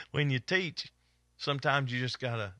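A middle-aged man with an Eastern Kentucky Appalachian accent, preaching a fervent Bible study and hollering with excitement as he teaches. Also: medium pitch, dry recording. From East Kentucky.

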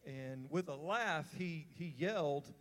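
Slow and on the high side, with a fairly bright tone, this preacher tells his sermon as a story amid long hall reverb. His manner is earnest and conversational, full of fillers and restarts.

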